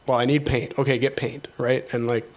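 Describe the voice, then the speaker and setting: Man, podcast host, casual chat, chatty, laughs a lot, mid-pitched voice. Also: a little fast. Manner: chatty, laughs often, animated retelling. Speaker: podcast host, theatre technician.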